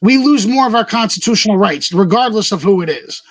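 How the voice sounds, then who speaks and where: A man's voice: high voice, lively intonation, a little fast, low-quality recording. A man in casual podcast chat, giving blunt, emphatic opinions with plenty of profanity.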